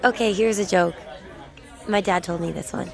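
A woman retelling a joke her father told her, in a halting way. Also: mid-range voice, creaky, a little mellow, a faint crowd.

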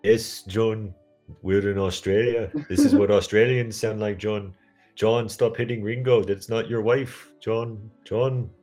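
A man putting on a bad, high ghostly impression of a Liverpool man, mock-scolding someone. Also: steady tone, a little slow, darkish tone, faint music behind, natural voice.

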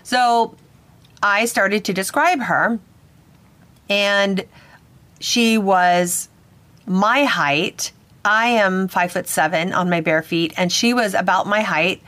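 A woman's voice: medium pitch, fairly bright tone, no echo. A woman hosting a podcast as a psychic medium, telling a personal story in an earnest, slightly hesitant way.

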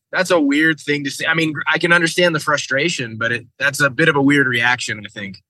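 A man co-hosting a casual podcast, reacting with animated interjections. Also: fairly high pitch, brisk, no room sound, low-quality recording. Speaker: podcast co-host. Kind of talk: casual chat.

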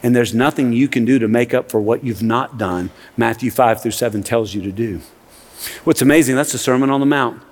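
A pastor with a mid-range, slightly mellow voice speaks a little fast while preaching in a church sanctuary. The sermon is passionate, full of repeated words pressing his points, and carries a large hall's long reverb.

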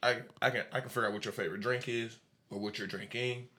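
A man's voice: medium pitch, steady tone, fast talker, bright, forceful tone. A man as a podcast guest, talking bluntly and casually, laughing often.

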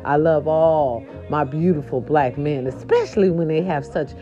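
A woman vlogger telling a chatty story to her viewers, animated and sassy, calling them "baby". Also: deep voice, normal speed. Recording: dull lo-fi sound with faint music behind. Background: faint music.

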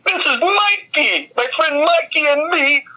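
A man doing a brash, crude caller from Hoboken who talks loud and squeaky. The voice is bright and high, and it sits a bit off from the mic. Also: animated, a little slow, muffled recording, full character voice.

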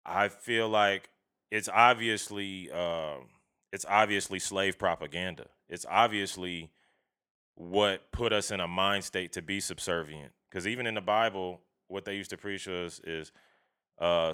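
A man with a low voice speaks in a bright, clear tone. He talks casually and bluntly, swearing freely. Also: a little slow. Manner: blunt, profane, animated storytelling. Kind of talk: casual chat.

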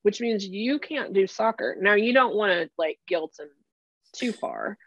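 A woman's voice: mid-range voice, measured pace, no room sound, dull audio. A woman coach being interviewed, chatting casually and acting out little quoted scenes as she explains. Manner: chatty, animated storytelling with acted-out quotes. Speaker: podcast guest, career strategy coach.

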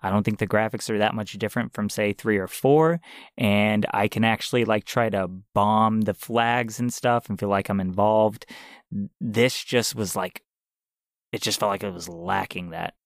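A man's voice: lowish voice, steady tone, moderate pace, gravelly, no room sound, studio quality. A man co-hosting a casual game review chat who laughs often and talks expressively. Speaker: game podcast co-host.

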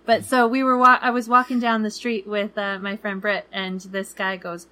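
Woman, 30s, podcast co-host, casual rambling storyteller, average pitch. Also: level tone, normal speed, hardly any pauses, bright, forceful tone. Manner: chatty, many fillers, acts out quoted people. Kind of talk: casual chat.

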